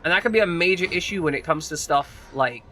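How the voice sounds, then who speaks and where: A man's voice: fairly high pitch, a little fast, sharp tone, a little hiss or hum. A man streaming a game, talking in a rambling, casual way with frequent swearing and restarts. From United Kingdom. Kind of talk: casual chat while gaming.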